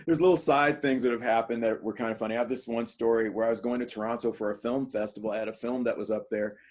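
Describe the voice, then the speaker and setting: A man who is a guest actor on a podcast, telling stories in an animated way and laughing often. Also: mid-range voice, fast talker. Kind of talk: casual podcast storytelling.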